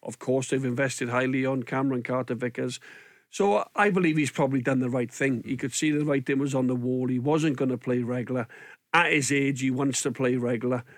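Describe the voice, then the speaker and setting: A man's voice: mid-range voice, a little fast, no room sound. Man chatting football on radio. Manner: relaxed, frequent ums. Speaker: football pundit. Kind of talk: casual radio sports chat. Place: radio studio.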